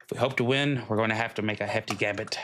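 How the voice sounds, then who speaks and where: A man reading the lines of a calm, scheming male army strategist from a video game aloud, with stumbles and restarts. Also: on the low side, fast talker, faint music behind, close to an everyday voice. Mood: measured.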